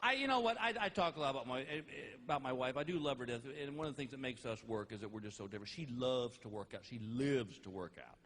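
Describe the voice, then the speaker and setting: A middle-aged man doing stand-up comedy, animated, shouting his punchlines and laughing through his lines. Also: medium pitch, fast, few pauses, in a large hall.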